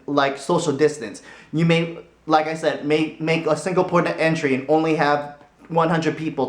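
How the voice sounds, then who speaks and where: Rambling vlogger man in echoey room. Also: on the high side. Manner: rambling, animated, laughs easily. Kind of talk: casual opinion vlog.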